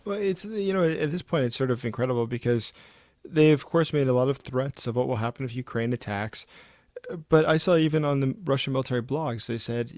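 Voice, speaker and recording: A man speaking as a guest political adviser, giving quick, animated analysis and chuckling between points. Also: medium pitch, dry recording, studio quality. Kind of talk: conversational analysis.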